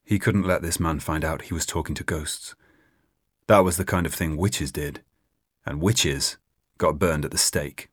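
A man narrating an audiobook in an expressive reading. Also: rumbling low, a little slow, husky, no room sound, studio quality. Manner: expressive, voices many characters.

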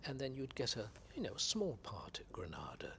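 An older man from England's West Country, an actor guest reminiscing in unhurried anecdotes about his career. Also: medium pitch, huge pitch swings, creaky, a bit bright, a little hiss or hum. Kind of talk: reminiscing interview.

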